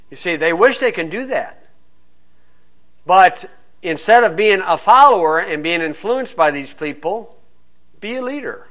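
High bright-voiced male preacher. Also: a little slow, long pauses. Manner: animated, rhetorical questions, acts out hecklers. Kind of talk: sermon with Bible reading.

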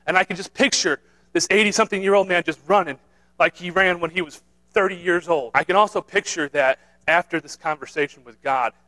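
A man with a high-leaning, pushed and bright voice preaches a sermon on a low-quality recording. He's earnest and repetitive, often restarting phrases and checking in with listeners by asking "right?"

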